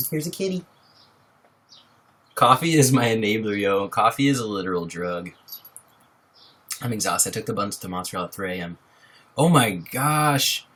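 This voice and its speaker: A man's voice: mid-range voice, sharp tone. A young man casually chatting on a live stream from home, bubbly, greeting viewers by name and laughing often, speaking into a laptop microphone. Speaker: livestreamer. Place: home, at a wobbly table.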